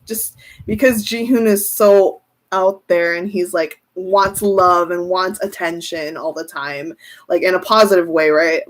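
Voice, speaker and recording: A woman giving a casual tarot reading on a livestream, thinking aloud, answering viewer comments and often breaking into giggles. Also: on the low side. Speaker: tarot reader.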